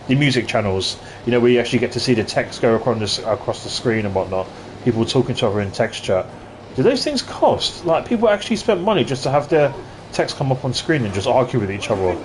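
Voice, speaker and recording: A man's voice: medium pitch, a little hiss or hum. A man from London chatting casually and ranting in asides while live-streaming a retro game at his desk mic.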